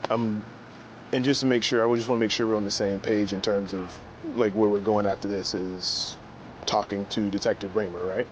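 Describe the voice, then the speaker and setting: A man's voice: on the low side, fairly even intonation, a little hiss or hum, lightly acted, poor audio. A man playing a hesitant, uneasy young man. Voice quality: hesitant, halting. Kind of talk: film acting, naturalistic dialogue.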